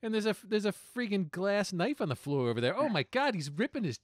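A man's voice: high-pitched, no room sound, studio quality. A man playing a tabletop game, joking and asking questions. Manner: animated, joking, quick to laugh. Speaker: player. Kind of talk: casual tabletop game play.

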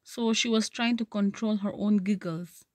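A woman's voice: medium pitch, steady tone, moderate pace, darkish tone, no echo. A woman teacher who reads a story passage aloud, then paraphrases and explains it, checking with "okay". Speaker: literature teacher.

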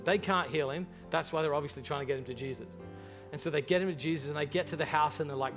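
Man, pastor, sermon, fairly high voice, impassioned storyteller, faint music behind. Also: fast talker. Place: church service with a large congregation.

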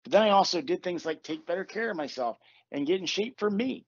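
A man's voice: high voice, lively intonation, a little fast, breathy edge. A man hosting a casual podcast as a coach, talking bluntly with tough love and swearing. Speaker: podcast host and manifestation coach. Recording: dull lo-fi recording, dry.

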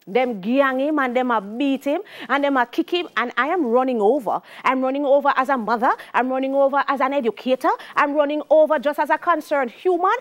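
A middle-aged Jamaican woman teaching a sociology exam-prep lecture. She talks in a lively way and slips into patois when she tells stories. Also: high-pitched, a little fast, few pauses. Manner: lively, shifts into patois for anecdotes.

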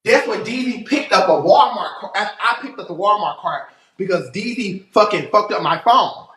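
A breathless man livestreaming, loudly acting out a fight story with profanity and sound effects. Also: high voice, animated, normal speed, recorded from a distance. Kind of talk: animated storytelling. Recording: roomy echo, faint noise.

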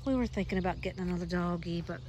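A woman's voice: on the low side, racing, background noise. A woman, chatting casually while walking a trail and a bit out of breath. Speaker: vlogger. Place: outdoors on a gravel trail. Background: birds singing, outdoor ambience.

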